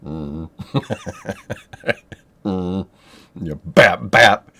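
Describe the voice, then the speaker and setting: A man teaching a spiritual technique in a loose, rambling monologue, swearing freely and filling pauses with ums and yeahs. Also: low-pitched, a bit bright. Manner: loose and profane, rambling with many fillers. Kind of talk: casual monologue to camera.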